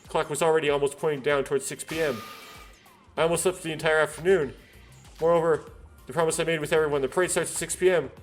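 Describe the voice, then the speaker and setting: A man's voice: fairly high pitch, steady tone, quick pace, faint music behind. A man reading a visual novel aloud, doing every character's lines in his own voice, with stumbles and self-corrections.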